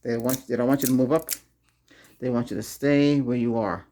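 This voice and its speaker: A man's voice: mid-range voice, steady tone, moderate pace, dark tone, slight background noise. A man hosting a Reiki video, giving casual spoken advice to viewers, chuckling often and repeating himself. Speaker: Reiki ASMR host.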